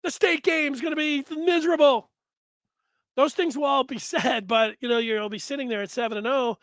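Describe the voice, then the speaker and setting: A man hosting a sports talk show, chatting casually and acting out announcers and fans with lively energy. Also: very high-pitched, moderate pace, no echo. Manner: animated, acts out fans and announcers. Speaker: sports radio host.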